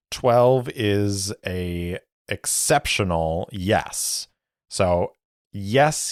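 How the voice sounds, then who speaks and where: A man hosting his own podcast, narrating a solo tabletop game in a measured, deliberate way. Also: low voice, dry recording, studio quality.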